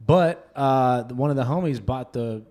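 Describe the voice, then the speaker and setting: A man's voice: medium pitch, normal speed, darkish tone. Laid-back man from New Mexico, slangy. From Albuquerque, New Mexico. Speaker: comedian guest. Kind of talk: casual comedic chat.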